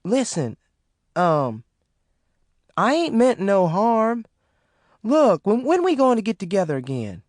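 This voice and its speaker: A cruel young man, put on by a male audiobook reader. He snarls and shouts, his raised voice leaping up and down in pitch. The sound is dry and close. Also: very animated, takes it slowly, long pauses, no room sound, exaggerated voice. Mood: wheedling. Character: brutal, threatening young white Southern man. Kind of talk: audiobook character voice.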